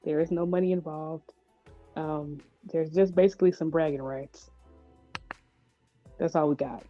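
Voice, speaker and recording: A woman's voice: deep voice, fairly even intonation, measured pace, soft background music. A woman co-hosting a podcast in casual chat, blunt and matter-of-fact with a joking edge. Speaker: podcast co-host. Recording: dull lo-fi sound.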